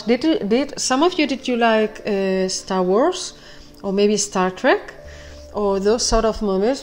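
Excitable woman giving a tarot reading. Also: fairly high pitch. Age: 40s. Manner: excitable, rambling, laughs often, keeps apologizing. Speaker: tarot reader. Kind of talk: casual spoken tarot reading.

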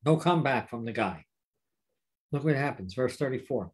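A pastor teaching a Bible study to viewers, speaking emphatically and asking rhetorical questions. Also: male voice, medium pitch, animated, normal speed, long pauses, husky. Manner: warm, direct address to viewers.

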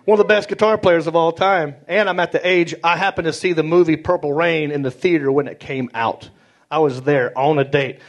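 Animated Southern comedian on stage. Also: male voice, a little high, fairly quick. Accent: Southern American. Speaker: stand-up comedian. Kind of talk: stand-up storytelling. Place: comedy stage before a live audience. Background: audience laughter.

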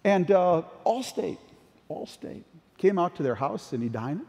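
A man's voice: high-pitched, big pitch swings, a little slow, vocal fry, dark tone. Older man giving a keynote in a hall. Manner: anecdotal, conversational storytelling. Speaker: keynote speaker. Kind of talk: conference keynote talk. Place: large conference hall. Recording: long hall reverb.

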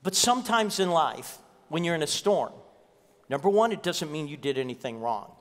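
A pastor with a high voice preaching to his church, telling a story with animated acted-out dialogue. The long reverb of the sanctuary hangs on every line. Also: normal speed. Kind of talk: sermon with storytelling.

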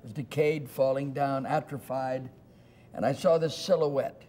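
An older American man, a guest actor, telling a lively anecdote in an interview and acting out the dialogue. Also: mid-range voice, measured pace. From United States. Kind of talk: storytelling interview.

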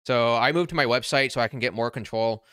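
Brash loud man, bright and crisp. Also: medium pitch, fast, no room sound, studio quality. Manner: brash, blunt and loud, half-yelling. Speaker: crypto channel host. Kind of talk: casual livestream chat answering viewer comments. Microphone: wearing noise-canceling headphones.

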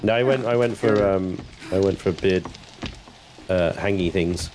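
A man's voice: sits low, unhurried, crowd noise. A man streaming a multiplayer game, teasing his friends and giving the team directions in a dry, casual way. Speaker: streamer and group leader. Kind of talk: casual multiplayer gaming chat. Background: game music.

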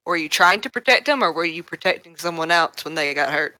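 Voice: medium pitch, expressive, fairly quick, sharp tone, no room sound, poor audio. A tabletop player voicing a curious female character who asks blunt, probing questions.

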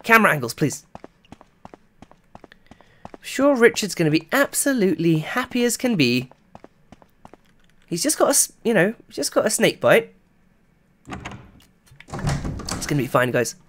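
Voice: mid-range voice, big pitch swings, measured pace, long pauses. A game streamer giving live gameplay commentary, chatting to viewers and yelping when startled. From England. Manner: chatty, talks to the chat, yelps and shouts when startled.

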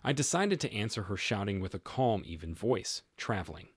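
Man reading a story aloud, husky, pretty low, lots of pitch movement, dry close mic. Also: big pitch swings, moderate pace, no echo. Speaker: narrator. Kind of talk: first-person story narration.

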